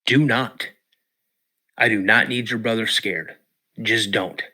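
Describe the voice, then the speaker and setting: A man voicing his father giving a stern, hushed warning in a story. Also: lowish voice, slow, exaggerated voice.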